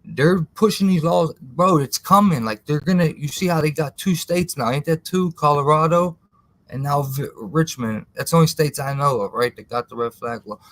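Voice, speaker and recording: A man's voice: on the high side, moderate pace, a bit bright, dry recording. A man hosting a live stream in casual, slangy talk, rambling and answering viewers in the chat by name.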